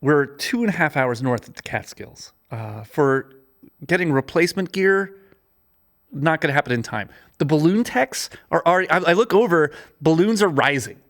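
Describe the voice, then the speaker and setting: A man telling a work story in casual chat, lively, with many fillers, acting out the people he quotes with big jumps in pitch. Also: moderate pace. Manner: chatty, many fillers and restarts. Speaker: podcast guest, gaffer and cinematographer.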